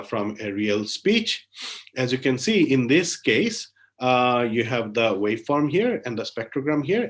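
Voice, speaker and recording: A man with an Indian English accent giving an academic lecture online, explaining step by step and often checking in with "right?" between filler pauses. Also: medium pitch.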